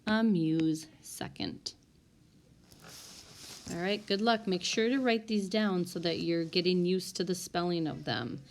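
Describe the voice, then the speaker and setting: Slow, low-voiced woman teacher. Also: gravelly, a little hiss or hum. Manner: slow, deliberate word-by-word dictation. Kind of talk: recorded spelling lesson for students. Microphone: tablet microphone.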